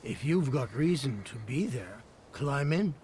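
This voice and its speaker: An actor playing a gruff, blunt village coachman in a video game. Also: medium pitch, lively intonation, unhurried, a little mellow, a little hiss or hum, lightly acted. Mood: curt. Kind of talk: game voice acting.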